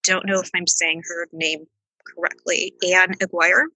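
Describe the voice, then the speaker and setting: Bright husky woman, casual chat, super enthusiastic, dry sound. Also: fairly low pitch, level tone, a little slow, dry recording, poor audio. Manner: enthusiastic, plain-spoken. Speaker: podcast guest.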